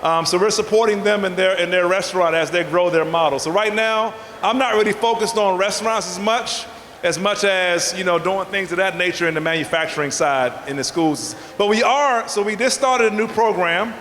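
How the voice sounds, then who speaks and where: A man from the American South works the crowd like a preacher, his voice pitched high and full of call-and-response energy. He speaks in a large indoor hall, and his words ring back with a long, roomy reverb and a faint hiss of noise underneath. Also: fairly quick, fairly bright tone. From Southern United States. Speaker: festival speaker, vegan chef. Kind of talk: motivational talk.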